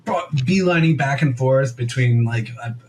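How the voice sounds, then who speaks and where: A man's voice: mid-range voice, normal speed, a little mellow, a little hiss or hum, poor audio. A young man co-hosting a podcast, telling a story in a rambling, casual way full of "like" and quoted asides. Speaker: podcast co-host.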